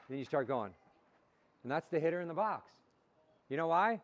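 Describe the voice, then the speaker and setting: A man coaches young baseball players in a motivational talk, working in call-and-response by asking questions and repeating the answers back. His voice is on the high side and expressive, at a moderate pace. The recording is dull and lo-fi.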